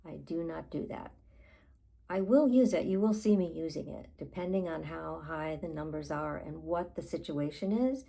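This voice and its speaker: A woman life coach guiding a tapping session, talking in a calm, unhurried way and pausing between phrases. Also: low voice, vocal fry, rough recording.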